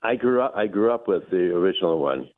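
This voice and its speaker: Hesitant low-voiced caller on a phone line. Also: male voice, animated, fast talker. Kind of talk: phoned-in radio call.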